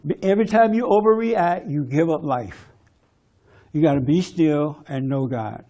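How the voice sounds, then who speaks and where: Brief: high, gravelly male speaker, forceful preacher style, conference talk. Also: moderate pace. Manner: preachy, forceful, mimics others in quoted bits.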